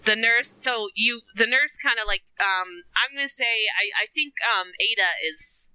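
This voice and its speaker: Bright-voiced woman game master. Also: a little high, clean tone, no room sound, poor audio. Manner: chatty, halting with fillers. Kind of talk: narrating a tabletop game.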